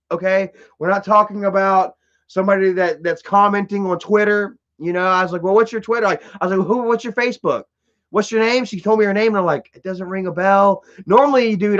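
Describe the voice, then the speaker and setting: A high-voiced man talks casually to his live stream chat, rambling through a story with plenty of swearing, fillers and restarts. The sound is slightly dull and lo-fi. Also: a bit bright.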